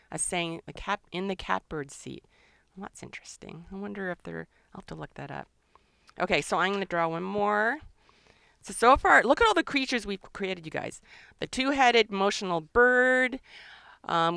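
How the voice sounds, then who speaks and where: A middle-aged woman, a children's author and illustrator, chatting excitedly and thinking aloud during a live drawing session for kids. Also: mid-range voice, creaky, smooth, no room sound.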